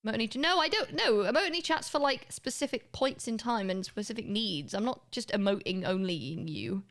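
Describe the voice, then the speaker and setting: A woman's voice: on the high side, expressive, brisk, a bit bright. A young woman, chatting casually and swearing now and then while livestreaming a video game to her chat. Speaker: live streamer.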